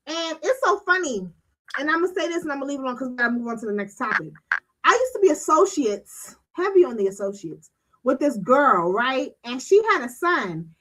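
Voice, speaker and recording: A woman's voice: sits high, big pitch swings, a little fast, a bit bright, a little hiss or hum, low-quality recording. A woman hosting a streaming talk show, ranting bluntly with a lot of swearing and emphatic delivery. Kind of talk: casual livestream commentary.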